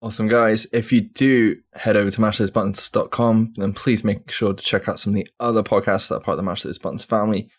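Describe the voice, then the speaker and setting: A man's voice: fairly low pitch, steady tone, fast, few pauses. A man co-hosting a gaming podcast, casual and teasing, laughing often. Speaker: podcast co-host. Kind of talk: casual banter.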